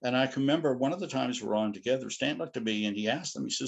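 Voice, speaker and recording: A middle-aged guest speaker gives a casual lecture built on rambling anecdotes, peppered with "you know." His husky, creaky mid-range voice races along with hardly any pauses.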